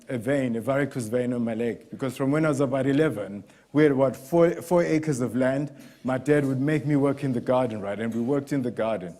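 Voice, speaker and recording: A middle-aged Zimbabwean man preaches a sermon framed as personal testimony, with a mid-range voice and darkish tone. He's candid and halting, restarting often and acting out other people's voices.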